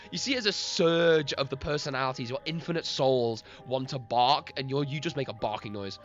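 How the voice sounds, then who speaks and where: A man's voice: mid-range voice, animated, normal speed, fairly bright tone. Rambling man running a streamed tabletop game. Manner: rambling, laughs often, addresses chat. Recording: lo-fi stream with faint music.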